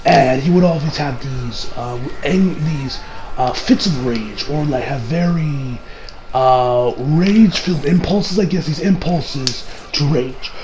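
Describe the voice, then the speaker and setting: A man with a hoarse, strained voice reviewing an anime episode in a rambling, profane, casual way with many restarts. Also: on the high side, slow, crowd noise, low-quality recording.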